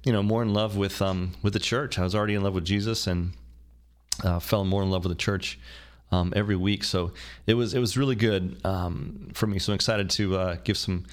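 A man's voice: low-pitched, fairly even intonation, fairly quick. A man hosting a podcast in casual chat, rambling and joking with many fillers and restarts. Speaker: podcast host. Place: new studio with construction noise.

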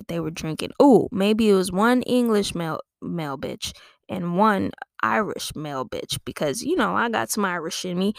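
A woman's voice: lowish voice, gravelly, no echo, clean studio sound. A woman comedian podcasting, making up a silly story in a rambling, giggly, self-amused way. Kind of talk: improvised comic storytelling.

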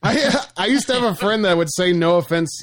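A man from Florida in a casual podcast chat, profane and quick to laugh, rambling through stories. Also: sits high, expressive.

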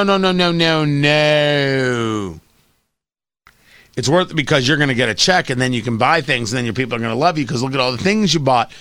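A man's voice: fairly high pitch, pushed and bright, dry recording. A man hosting a talk radio show, delivering an opinionated, sarcastic monologue into a studio microphone. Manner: sarcastic, mocking, does voices.

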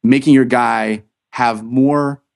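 A man's voice: mid-range voice, fairly even intonation, slow pace, vocal fry, a little mellow. A man hosting a casual podcast, chatting enthusiastically and rambling with frequent restarts and fillers. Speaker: podcast host.

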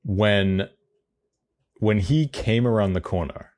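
Man, very low voice, casual podcast chat, rambling, restarts often. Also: slow, a little mellow. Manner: chatty, rambling with frequent restarts. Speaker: podcast co-host.

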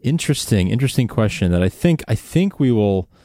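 A man's voice: on the low side, very animated, fairly quick, dark tone, no room sound, studio quality. A man co-hosting a casual podcast, upbeat and talking with lots of "uh"s and restarts. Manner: upbeat, hesitant with many fillers. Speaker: podcast co-host.

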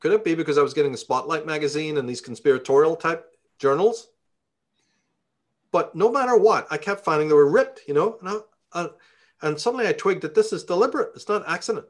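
A man's voice: fairly high pitch, fairly quick. A man from Belfast with a Northern Irish accent, telling a story in a casual interview, profane and heated as he rants. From Belfast, Northern Ireland.

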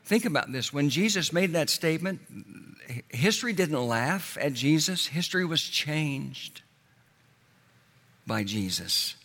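A man preaching a sermon in an earnest way, slowing down and dropping his voice on key words. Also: big pitch swings, fairly bright tone. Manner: earnest, slows and drops low on key words. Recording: long hall reverb.

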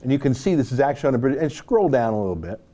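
A man's voice: medium pitch, big pitch swings, racing, mellow. A man from North America hosting an online show, giving rambling, sarcastic casual commentary with many asides.

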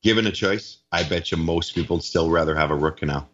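A man co-hosting a podcast in casual chat, chiming in with wry, quick remarks. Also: low-pitched, a bit bright, muffled recording. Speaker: podcast co-host.

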